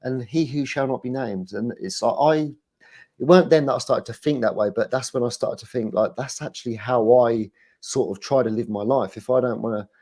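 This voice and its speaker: A man, a guest on a casual stream, talking in a rambling, animated way and laughing as he goes. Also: mid-range voice, fairly quick.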